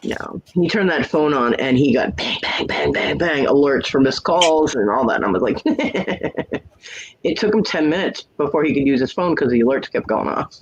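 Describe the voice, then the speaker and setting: A man's voice: fairly high pitch, lively intonation, normal speed, lo-fi sound, a little hiss or hum. A man telling a story in casual chat, frank and blunt, acting out both sides of the arguments he describes. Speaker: hangout host.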